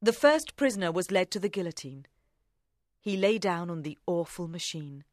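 A woman narrating an audiobook in a measured, even way. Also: lowish voice, no room sound, studio quality. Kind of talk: audiobook reading.

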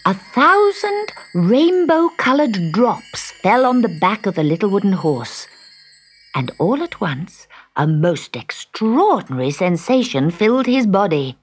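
Slow, expressive woman storyteller. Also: mid-range voice, breathy edge. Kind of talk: storybook narration. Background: music.

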